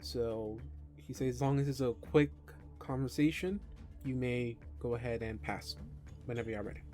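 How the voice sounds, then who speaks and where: A man's voice: mid-range voice, normal speed, darkish tone. Guy running a tabletop game, lots of ums and restarts, faint music under him. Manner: hesitant, many fillers and restarts. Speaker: game master.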